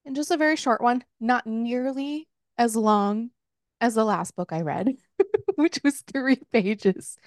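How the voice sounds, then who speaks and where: A woman's voice: on the high side, takes it slowly, dry recording, studio quality. A woman co-hosting a podcast, casually recapping a book in a chatty way, swearing freely and laughing as she goes. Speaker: podcast co-host. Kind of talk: casual book review chat.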